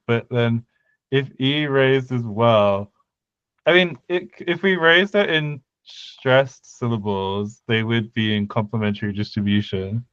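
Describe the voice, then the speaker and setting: Casting note: man, casual co-host, slow and halting delivery, smooth clear voice, dull lo-fi sound. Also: mid-range voice, fairly bright tone, no room sound. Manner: hesitant, thinking aloud with restarts. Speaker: podcast co-host. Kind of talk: casual chat about conlang sound changes.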